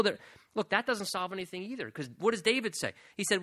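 Male preacher, high and bright voice, dry close sound, casual sermon delivery that keeps breaking into chuckles. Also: animated, fast, dry recording. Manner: conversational, paraphrases scripture in casual words, chuckles often.

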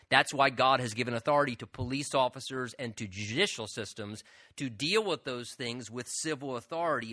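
A man's voice: fairly high pitch, sharp tone, dry recording, clean studio sound. A man preaching a sermon as pastor, conversational and earnest with joking asides.

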